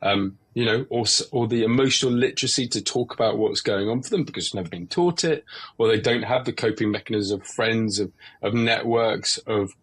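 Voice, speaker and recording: A man's voice: lowish voice, a little fast, a bit bright, breathy edge. A man hosting a podcast, talking earnestly in an open conversational interview and livening up when he acts out the questions people ask. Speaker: podcast host.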